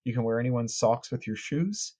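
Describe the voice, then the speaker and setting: A man's voice: medium pitch, lively intonation, normal speed, dark tone. A man, an author and tech critic, answering podcast interview questions in long, articulate explanations with frequent small restarts.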